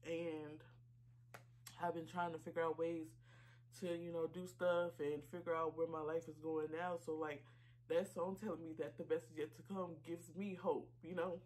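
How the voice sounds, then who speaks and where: Tearful woman vlogger, halting and emotional. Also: low voice, little pitch movement, a little mellow. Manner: emotional, halting, full of fillers and apologies. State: tearful, choked up. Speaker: YouTube reaction channel host. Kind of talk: casual reaction vlog talk.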